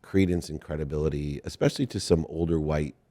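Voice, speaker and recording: A middle-aged Ohio man hosts an interview in a casual conversational style, rambling, poking fun at himself and laughing often. His bass voice is dark and steady in tone, and he talks fast.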